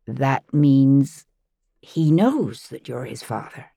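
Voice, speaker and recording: A woman's voice: a bass voice, expressive, slow, gravelly, warm tone, husky, no echo, heavily acted. A woman reading an audiobook, voicing a curious, tentative young woman, the sympathetic daughter of the hero. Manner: tentative, questioning. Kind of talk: audiobook narration.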